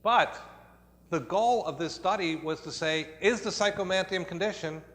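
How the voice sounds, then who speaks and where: A man's voice: sits high, normal speed, a bit bright. A man with an American accent presenting research at a conference, explaining the procedure step by step with frequent fillers and restarts. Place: conference hall. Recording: long hall reverb.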